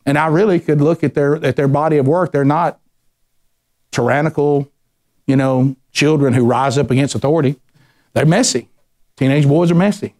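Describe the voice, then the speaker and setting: A middle-aged man teaching a men's Bible study, telling lively stories and acting out voices. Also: a little high, moderate pace, pauses often. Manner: animated storyteller, acts out voices, ranting bursts.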